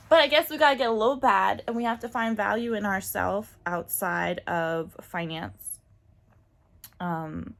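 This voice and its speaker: A woman's voice: fairly low pitch, creaky. A woman talking casually and candidly in a personal vlog, full of fillers and asides. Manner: chatty and candid, many fillers, laughs often. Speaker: vlogger.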